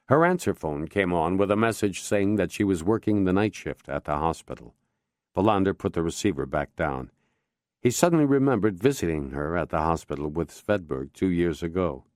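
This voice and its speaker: A man giving measured, expressive scripted narration of a crime novel audiobook. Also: deep voice, no room sound, clean studio sound.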